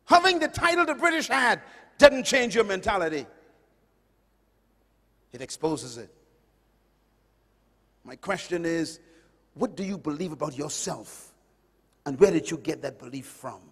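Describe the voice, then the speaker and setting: A man preaching a sermon, swinging between loud emphatic lines and hushed ones. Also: fairly high pitch, big pitch swings, a little slow, pauses often, long reverb tail. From Caribbean island.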